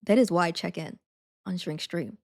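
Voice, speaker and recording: A woman's voice: on the low side, moderate pace. A young woman streamer chatting casually, rambling with lots of fillers and frequent giggles. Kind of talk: casual chat.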